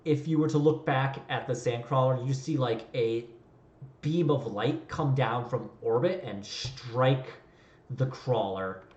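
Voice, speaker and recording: A man's voice: medium pitch, a little slow, a little mellow, roomy sound, dull audio. A man running a tabletop game as game master, narrating in a loose, rambling way.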